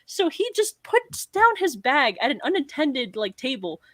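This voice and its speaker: A young man with an American accent, a podcast guest telling a convention story with rambling, excited energy and lots of fillers. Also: very high-pitched, normal speed, no room sound. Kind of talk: excited casual chat.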